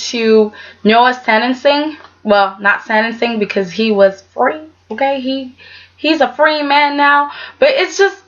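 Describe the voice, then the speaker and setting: Sassy high-voiced woman vlogger. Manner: sassy, animated, keeps adding "okay?". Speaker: soap opera reviewer. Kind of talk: casual vlog review. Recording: dull lo-fi audio.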